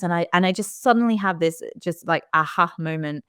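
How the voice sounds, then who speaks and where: A woman's voice: lowish voice, a little fast, few pauses, fairly bright tone, clean tone, dry recording, clean studio sound. A young woman telling her own story in a candid, reflective way as an interview guest. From United Kingdom. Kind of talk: casual interview conversation.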